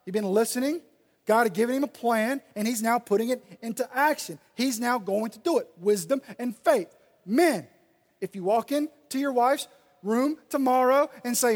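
Man, pastor, sermon, high voice, reverberant hall, loud-soft swings. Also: moderate pace. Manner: preaching with sudden loud and soft swings, reading scripture aloud. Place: church sanctuary. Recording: long reverb of a large hall.

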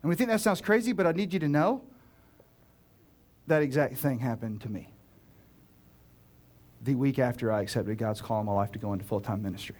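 A man preaching a sermon as a pastor, earnest and direct, swinging between loud urgent pleading and hushed, slow emphasis. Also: mid-range voice. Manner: earnest, direct address to listeners.

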